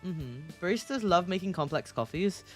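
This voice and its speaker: Giggly low-voiced woman streamer. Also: lively intonation, normal speed, breathy edge, soft background music. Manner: giggly, playful, teasing. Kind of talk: casual commentary while reading a game aloud.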